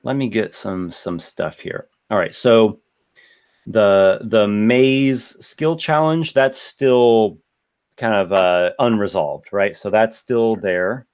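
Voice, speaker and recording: A man's voice: fairly low pitch, slow, a little mellow, clean tone. A man running a tabletop game as game master, talking loosely and thinking aloud. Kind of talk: casual tabletop game talk.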